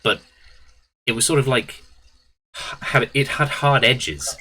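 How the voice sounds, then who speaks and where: A man's voice: mid-range voice, takes it slowly, sharp tone, slight background noise, rough recording. A man running a tabletop game, rambling through his narration with lots of fillers and restarts. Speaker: game master.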